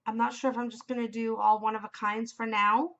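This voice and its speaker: A woman's voice: a little high, level tone, fairly quick, fairly bright tone, highs cut off. A middle-aged woman from Canada hosting her own podcast in a casual, chatty, upbeat way, with frequent ums. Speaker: podcast host. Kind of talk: casual solo podcast chat.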